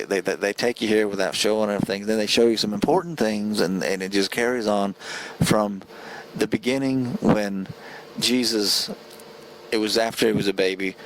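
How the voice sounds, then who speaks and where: A man's voice: on the low side, fairly bright tone, slight background noise, rough recording. Earnest rambling male film reviewer. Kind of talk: casual spoken film review.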